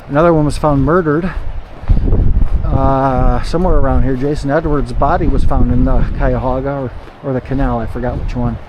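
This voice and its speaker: A man from Ohio talking his way along a river trail in a casual hiking vlog, chatty and rambling, quick to exclaim at what he finds. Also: mid-range voice, noisy background. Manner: chatty, rambling, easily surprised. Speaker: hiking vlogger. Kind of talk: casual outdoor vlog narration.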